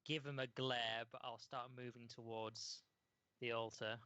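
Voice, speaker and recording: A man's voice: mid-range voice, level tone, measured pace, pushed and bright, smooth, dry recording, dull audio. Blunt, swearing man at the game table. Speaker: player. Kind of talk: casual tabletop game chat.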